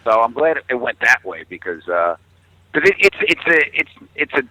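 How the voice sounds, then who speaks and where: A man's voice: moderate pace, no echo, poor audio. A man, a comedian telling stories as a guest on a talk show and swearing freely. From New York. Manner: animated storyteller, swears freely, acts out others in high-pitched voices. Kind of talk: casual interview chat.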